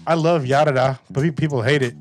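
A man's voice: a little high, fast talker, soft background music. A man, chatting casually on a podcast, laughing and slangy. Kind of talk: casual chat.

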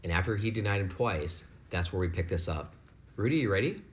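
A man leading a home Bible lesson for his kids, explaining scripture in a relaxed, conversational way. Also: low voice, fairly quick. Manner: rises to loud, fervent preaching, then talks softly and warmly with kids. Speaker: father leading a family devotion. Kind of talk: preaching to children at home.

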